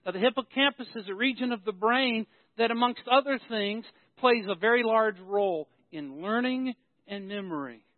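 Male pastor, very high-pitched, sermon delivery with repetition for emphasis; dry, lo-fi phone-like recording. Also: moderate pace, no echo. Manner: storytelling preacher, builds emphasis through repetition. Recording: tinny phone-like, dry sound.

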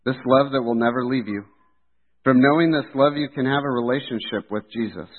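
A man preaching a sermon in an earnest, steady delivery. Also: mid-range voice, fairly quick, husky. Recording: tinny phone-like sound.

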